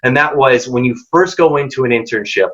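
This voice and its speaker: A man's voice: mid-range voice, a little fast, a bit bright. A man presenting a career workshop, giving direct, emphatic advice and acting out quoted dialogue. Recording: dull lo-fi audio.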